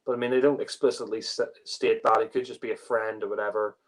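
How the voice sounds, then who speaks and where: A man's voice: on the low side, little pitch movement, fast talker, low-quality recording. A man giving a casual spoken review, rambling with lots of fillers and restarts. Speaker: podcast panelist reviewing a TV story.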